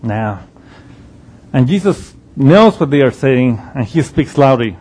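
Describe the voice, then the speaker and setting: A man's voice: mid-range voice, expressive, normal speed, darkish tone, breathy edge. A man teaching through a Bible passage in a conversational, explanatory way. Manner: conversational, explanatory, with frequent restarts and ums.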